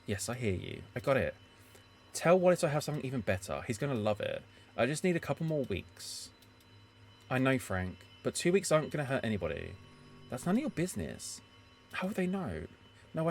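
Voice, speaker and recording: A drunk, resentful writer who hits bottles and schemes his way out, as a man acts him out while playing. His voice swings widely in pitch, from a muttered slur to a snarl of threats. The tone stays bitter and conniving.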